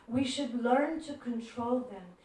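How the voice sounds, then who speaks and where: A woman giving a devotional talk, telling stories gently and acting out the voices in them. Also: fairly high pitch, slow. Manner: gentle storyteller who acts out quoted voices. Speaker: devotional speaker. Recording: echoey room, far from mic.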